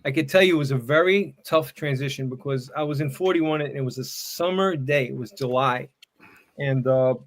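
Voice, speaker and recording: A man's voice: mid-range voice, moderate pace. A man in his sixties, a retired fire battalion chief, giving tips and stories in a casual podcast interview, rambling easily and leaning on "you know" and "man".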